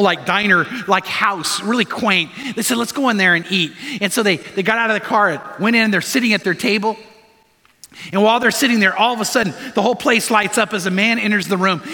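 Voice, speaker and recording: A man's voice: high voice, pushed and bright. A man preaching a sermon, telling stories and urging his listeners with repeated, earnest commands. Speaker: pastor. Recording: long hall reverb.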